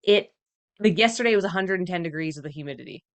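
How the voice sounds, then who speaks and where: A woman's voice: lowish voice, expressive, fast. Chatty Canadian woman host. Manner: chatty, laughs often, many fillers. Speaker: podcast host. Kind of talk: casual chat.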